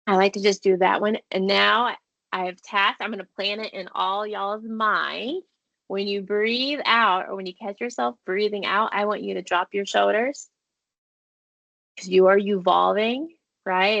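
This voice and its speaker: A woman's voice: medium pitch, creaky, fairly bright tone, no room sound, highs cut off. A woman therapist presenting a parenting webinar over a video call, walking listeners through breathing exercises in an encouraging, conversational way. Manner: encouraging, conversational, uses y'all and playful asides. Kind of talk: guided mindfulness and webinar presentation.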